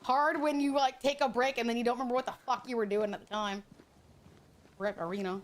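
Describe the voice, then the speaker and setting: A woman's voice: on the high side, steady tone, brisk. A woman streaming a game, chatting casually with her viewers in crude, teasing banter and laughing often. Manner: frequent laughter.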